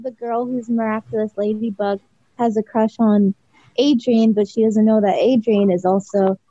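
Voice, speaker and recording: A woman's voice: fairly high pitch, steady tone, moderate pace, warm tone, no echo. A woman co-hosting a podcast in casual chat, rambling with lots of "like" and frequent laughs. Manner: rambling, heavy use of "like", laughs often. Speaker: podcast co-host. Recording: slightly dull lo-fi sound.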